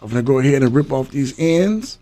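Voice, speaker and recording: A man's voice: mid-range voice, lively intonation, fairly quick, dark tone. Chatty livestream host, man. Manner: loose, chatty, talks straight to viewers. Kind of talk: casual live-stream chat.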